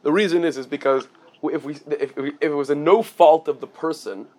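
A man's voice: fairly high pitch, brisk, a little mellow. A man teaching a casual Talmud class, explaining with everyday examples and often restarting his phrases.

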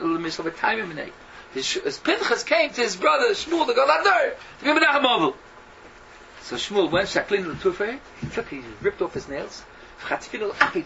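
Rabbi guy teaching talmud, high bright voice, kinda muffled recording w/ a little hiss. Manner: animated storyteller, acts out the characters' questions. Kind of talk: Talmud lecture mixing Yiddish and Hebrew terms.

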